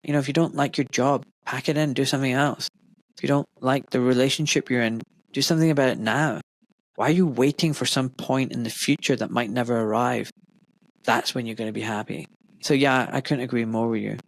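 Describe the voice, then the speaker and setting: A man's voice: medium pitch, fairly quick, creaky, no echo. A middle-aged man hosting a podcast interview, talking in an enthusiastic, rambling way. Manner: enthusiastic, rambling, animated retelling. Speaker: podcast host. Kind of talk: casual interview chat.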